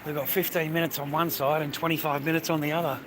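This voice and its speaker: Livestreaming outdoors on a city street, a young man with an Australian accent speaks quickly in a slightly high, level tone. He swears and jokes laddishly with his viewers as loud traffic rumbles in the background.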